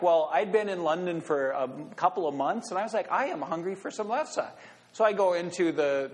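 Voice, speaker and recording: Storytelling Midwestern pastor in a reverberant church. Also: male voice, high-pitched. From Minnesota. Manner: conversational storytelling, light humor. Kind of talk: sermon. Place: church sanctuary.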